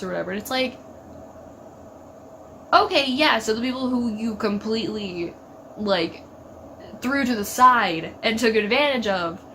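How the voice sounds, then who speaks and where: A woman's voice: a little high, expressive, measured pace, pauses often, bright, forceful tone, slight background noise, poor audio. A woman hosting a casual solo discussion, rambling with lots of fillers and exasperated asides. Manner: rambling, frustrated, with frequent fillers and laughs. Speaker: YouTube TV reaction host.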